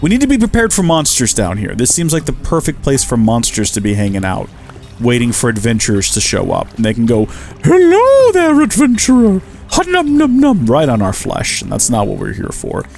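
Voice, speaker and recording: A man's voice: lowish voice, lively intonation, a little fast, gravelly, a little mellow. An American man with a chatty, jokey manner, commentating on a survival game and talking to the animals on screen, with faint game music behind. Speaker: let's player. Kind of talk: gameplay commentary.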